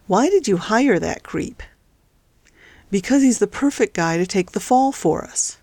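A woman's voice: medium pitch, expressive, measured pace, darkish tone, no room sound, pitched above the performer's own voice. A woman voicing a cold, controlling male crime boss in a storybook reading.

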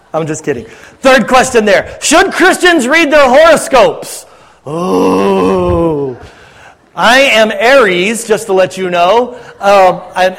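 A man's voice: sits high, a bit bright, in a large hall. A man preaching as a pastor, talking to his congregation in a conversational, joking way. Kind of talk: sermon Q&A.

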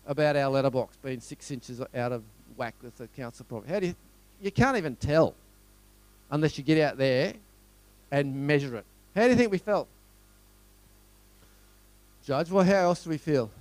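A man's voice: a little high, a little mellow, no room sound. A middle-aged man with an Australian accent, giving a conversational storytelling talk to a live audience, full of rhetorical questions. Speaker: motivational speaker.

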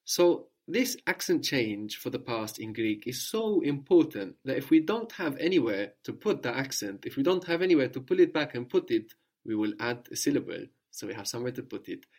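A man's voice: mid-range voice, very animated, moderate pace, hardly any pauses, darkish tone. Patient male language teacher. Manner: patient, prompting with questions and repeating answers. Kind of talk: guided language lesson.

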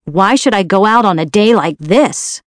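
A woman's voice: medium pitch, lively intonation, no room sound, natural voice. Woman putting on a bratty little rich girl, cold and sulky, dry close sound. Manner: cold, proud, quick to temper. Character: spoiled lonely little girl, haughty and sulky.

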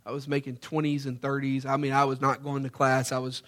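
A man, from Memphis, Tennessee, preaching a sermon as an animated storyteller who acts out the scenes. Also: medium pitch, brisk, hardly any pauses.

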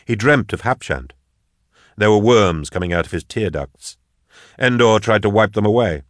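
Male narrator, low voice, measured reading, dry studio sound. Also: expressive, dry recording. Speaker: audiobook narrator. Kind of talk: scripted narration.

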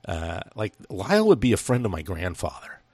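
A man's voice: deep voice, huge pitch swings, moderate pace, a little mellow, husky, no room sound. A man from Washington state co-hosting a podcast, telling rambling, profane stories in casual chat about a film. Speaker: podcast co-host.

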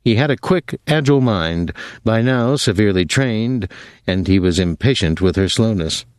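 Low-voiced male audiobook narrator. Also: animated, normal speed, clear, resonant tone, no echo. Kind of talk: scripted narration.

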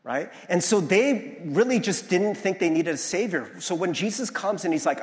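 Chatty pastor preaching in a reverberant church. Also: male voice, sits high, expressive, moderate pace, a little mellow. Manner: conversational, keeps asking "right?" and acts out quoted voices. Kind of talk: sermon. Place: church sanctuary. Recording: long hall reverb.

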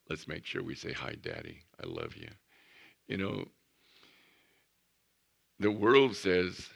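Pastor guy preaching, deep voice with lots of gravel, earnest and emphatic. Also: fairly bright tone. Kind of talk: sermon.

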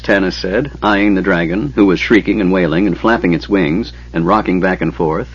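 A man narrating a fantasy audiobook in a steady, measured way. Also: fairly low pitch, breathy edge. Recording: dull lo-fi audiobook recording.

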